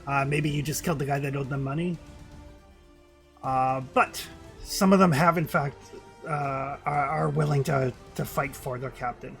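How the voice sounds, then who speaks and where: A man's voice: mid-range voice, steady tone, normal speed, creaky, faint music behind. Casual man running a tabletop game. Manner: casual, many fillers like "kinda" and "like". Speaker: game master.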